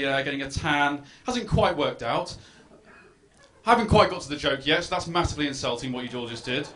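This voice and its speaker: A man's voice: on the high side, brisk, a bit bright. A man doing a self-deprecating stand-up set on a club stage, chatting with the crowd. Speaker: stand-up comedian. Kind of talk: stand-up routine.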